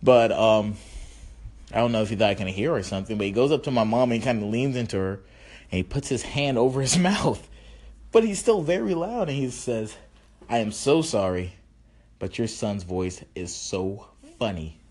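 A man's voice: brisk, darkish tone. A man hosting his own podcast, rambling and self-mocking with profanity, a little tipsy. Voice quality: slightly high, funny-sounding voice. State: slightly tipsy from drinks. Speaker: podcast host. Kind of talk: casual solo podcast monologue.

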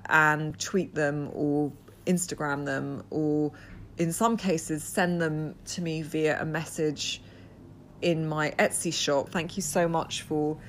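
A woman's voice: sits low, steady tone, takes it slowly, slight background noise. A woman hosting a solo podcast, talking earnestly and often repeating words as she restarts. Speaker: podcast host.

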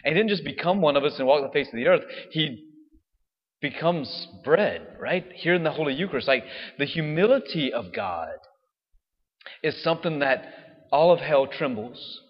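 Priest preaching in a reverberant church. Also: male voice, on the high side, animated, moderate pace. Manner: conversational, frequent "right?" tag questions. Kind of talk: casual homily. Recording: dull sound with long hall reverb.

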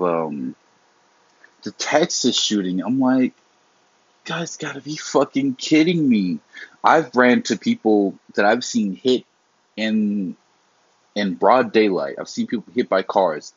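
A man's voice: on the low side, husky, no echo, muffled recording. A young man in a heated, profane, rambling monologue, often restarting his sentences. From immigrant family. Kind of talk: casual unscripted monologue.

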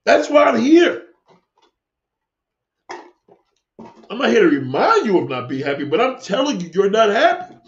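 A man's voice: sits high, very animated, unhurried, long pauses, a little hiss or hum. A man hosting a livestream, talking back to the chat in a combative, preachy way, cursing and repeating himself. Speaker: livestream host answering chat. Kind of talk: live-stream rant. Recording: echoey room, dull lo-fi sound.

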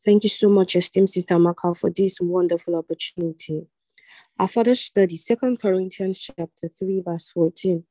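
A woman leading scripture reading and guided prayer in a measured, reverent way at an online meeting. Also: on the low side, dark tone, dry recording, rough recording. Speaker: prayer and Bible study leader.

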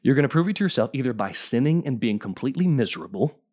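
A man preaching a sermon as pastor, fervent and emphatic, often rising in pitch and throwing questions to the congregation. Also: lively intonation, fast talker. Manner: fervent preaching, rising to near-shouts, call-and-response questions.

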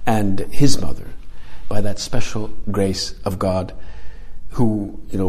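A man's voice: medium pitch, a little mellow, slightly rough. Give me a man preaching a conversational homily as a priest, with fillers and repeated phrases.

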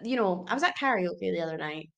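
A woman's voice: on the low side, lively intonation, fast talker, creaky. A young woman as a podcast guest in casual chat, chatty and full of fillers, laughing easily.

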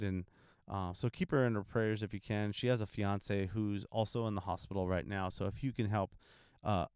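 Lowish smooth-voiced young church man. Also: dry recording, clean studio sound. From California. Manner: relaxed, rambling, many ums. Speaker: church minister. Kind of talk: casual testimony talk.

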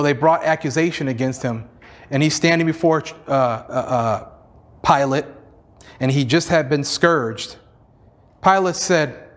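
A male pastor preaching a sermon in an emphatic, repetitive style, sprinkled with "you know" and small chuckles. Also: a little high.

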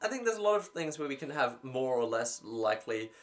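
A man co-hosting a casual fan discussion, playful and joking, quick to agree. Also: mid-range voice, sing-song. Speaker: podcast co-host.

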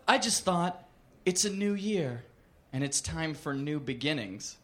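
A man putting on the low, taunting voice of a vengeful woman in a comedic story reading. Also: animated, measured pace. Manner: low, cold, taunting delivery. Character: vengeful menacing woman, calm and cold. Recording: noisy live club recording.

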